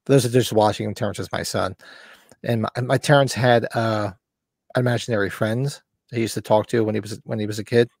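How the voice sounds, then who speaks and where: A man's voice: fairly low pitch, a little fast, gravelly, dry recording, clean studio sound. A middle-aged man hosting a live movie watch-along, chatting casually and acting out voices in his anecdotes. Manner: animated storytelling, acts out voices in anecdotes. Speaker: host. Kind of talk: casual chat.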